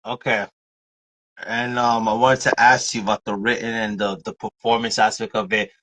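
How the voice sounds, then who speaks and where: A man hosting a podcast interview, asking loose, rambling questions in relaxed casual chat. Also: lowish voice, moderate pace, rough recording. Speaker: podcast host.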